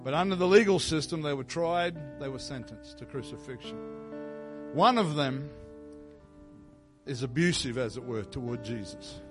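Man preaching over soft music. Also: medium pitch, animated, normal speed. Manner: builds from quiet reflective preaching to loud fervent prayer. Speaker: pastor. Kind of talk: sermon. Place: church sanctuary. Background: soft instrumental music.

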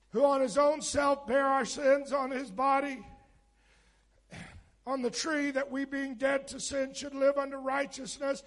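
A man preaching a sermon as pastor, fervent and rising to shouts, with candid conversational asides. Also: very high voice.

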